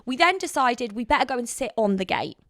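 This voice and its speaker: A young woman from London, a podcast co-host telling a long story in an animated, chatty way. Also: fairly quick. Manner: animated, chatty storyteller, breaks into high laughter. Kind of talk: casual storytelling chat.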